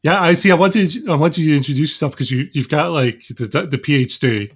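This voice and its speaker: A man's voice: a little high, a little fast, slightly rough. Eager man hosting a podcast. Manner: eager, with repeated words and restarts. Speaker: podcast host. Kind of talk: casual interview hosting.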